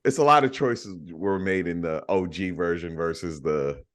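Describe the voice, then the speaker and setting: A man's voice: deep voice, moderate pace, a bit bright. A man co-hosting a film podcast, talking eagerly and enthusiastically with casual swearing. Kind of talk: casual film review chat.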